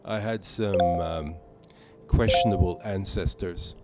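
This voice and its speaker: A man's voice: deep voice, slow pace, loud music behind the voice. A man from Malta chatting casually with viewers while playing a game on a live stream, rambling with many fillers. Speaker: gaming streamer.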